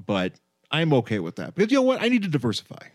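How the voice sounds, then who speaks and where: A man's voice: on the high side, wildly swooping pitch, quick pace, no echo, studio quality. A man co-hosting a podcast in casual chat, rambling and restarting his sentences and laughing often as he talks about movies. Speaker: podcast co-host.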